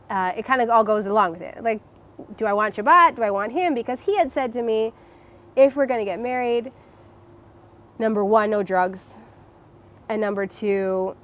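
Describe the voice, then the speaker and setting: As an interview guest, a young woman recounts her personal story at a medium pitch. Her delivery is emotional and halting, with frequent restarts and filler words.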